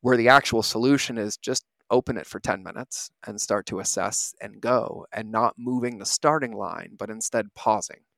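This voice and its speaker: A man's voice: on the low side, moderate pace, vocal fry, hardly any pauses, a bit bright, no room sound. A man in his thirties, a podcast host, giving an earnest, reflective motivational talk and often asking "right?".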